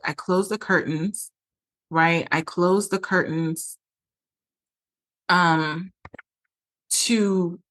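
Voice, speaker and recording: A woman's voice: low voice, fairly bright tone. A woman podcast host telling a personal story in a candid, emotional way, with lots of "like" fillers. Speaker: podcast host and relationship coach.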